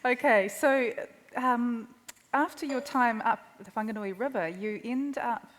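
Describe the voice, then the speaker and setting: A woman interviewing onstage, speaking softly and hesitantly with many fillers. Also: on the high side, measured pace. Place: live talk venue with audience. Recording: echoey hall.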